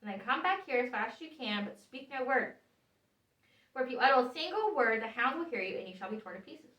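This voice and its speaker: A woman's voice: high voice, expressive, fairly quick, highs cut off. A woman voicing a clever little white male cat in a storybook reading, speaking in a knowing, teasing way. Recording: echoey room, voice from far off.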